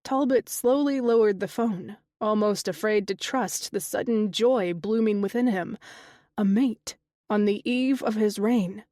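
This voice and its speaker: A woman narrating a fantasy romance audiobook in a steady, measured reading style. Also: mid-range voice, no echo, clean studio sound. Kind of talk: scripted narration.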